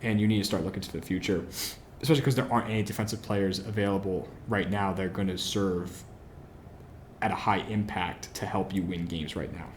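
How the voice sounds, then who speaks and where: A man's voice: deep voice, fairly even intonation, fairly quick, a little hiss or hum. A man hosting a solo football podcast, giving opinionated analysis, posing questions and answering them himself, with frequent fillers. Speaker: podcast host.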